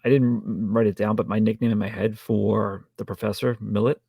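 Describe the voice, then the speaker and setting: Man, podcast co-host, dry wry humor, halting restarts, gravelly, husky. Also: on the low side, little pitch movement, mellow, dry recording. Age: adult with a child. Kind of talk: casual film review chat.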